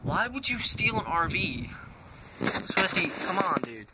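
A man's voice: high-pitched, very animated, a little slow. A young man vlogging in an exasperated, swearing rant, saying dude a lot, his voice cracking. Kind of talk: casual vlog rant. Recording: noisy home-made recording.

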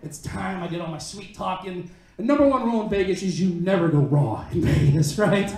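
A man's voice: sits high, animated, a little fast, darkish tone. Brash man telling stand-up stories. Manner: brash, crude, punchy delivery. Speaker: stand-up comedian. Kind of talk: stand-up storytelling. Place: comedy club stage. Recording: echoey club heard from a distance. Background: audience laughter.

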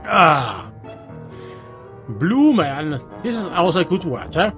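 A man with a Swiss German accent, a native Swiss German speaker, giving halting gameplay commentary in English with many restarts. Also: fairly high pitch, lively intonation, music in the background. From Switzerland. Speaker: let's player.

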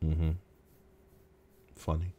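A man's voice: a bass voice, monotone, extremely slow, dark tone. A young man casually reading out forum posts, rambling and sarcastic, with frequent swearing. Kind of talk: casual reaction commentary.

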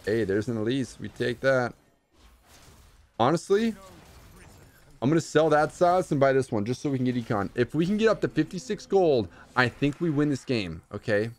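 A young man streaming live gameplay commentary, excitable, swinging from low mutters to shouts. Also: moderate pace.

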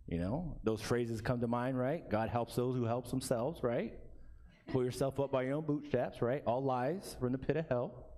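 A man's voice: medium pitch, warm tone. A male pastor preaching a conversational sermon in a church, often asking the congregation "right?" and laughing. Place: church sanctuary.

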